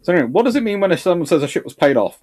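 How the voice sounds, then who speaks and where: A man's voice: sits high, big pitch swings, rapid-fire, a little mellow. A male history host answering viewer questions live, thinking aloud with restarts and repeated words. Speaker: naval history channel host.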